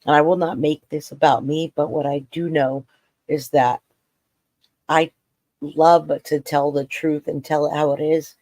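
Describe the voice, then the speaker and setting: A man's voice: on the high side, flat delivery, measured pace, a little mellow, dry recording. A man hosting a true crime livestream, reacting emotionally to court footage, holding back tears, with his voice cracking as he talks bluntly.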